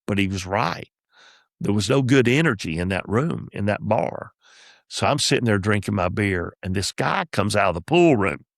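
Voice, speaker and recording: A man's voice: on the low side, gravelly, no room sound, clean studio sound. A middle-aged man, a comedian casually telling folksy stories as podcast host. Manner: folksy, drawling, animated retelling of anecdotes. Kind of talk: casual storytelling.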